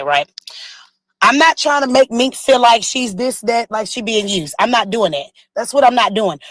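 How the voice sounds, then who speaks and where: A woman's voice: on the high side, a bit bright, dry recording, rough recording. A woman hosting a stream, talking bluntly and with a lot of profanity, insisting she is not lying. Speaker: stream host. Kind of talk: heated casual chat.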